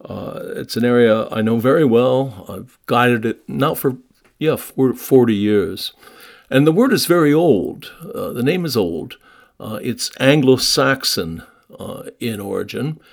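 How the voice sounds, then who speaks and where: A man who guides walking tours, giving a short evening talk, speaking haltingly with many uhs and restarts and spelling words out. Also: mid-range voice, expressive, vocal fry. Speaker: London walking tour guide. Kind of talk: short nightly talk on place names.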